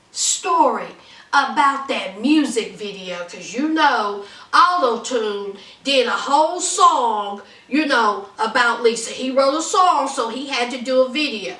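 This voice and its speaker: Woman, sassy gossip host, high bright voice, slow drawl, roomy off-mic sound. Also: animated, recorded from a distance. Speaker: reality TV recap host. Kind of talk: casual commentary.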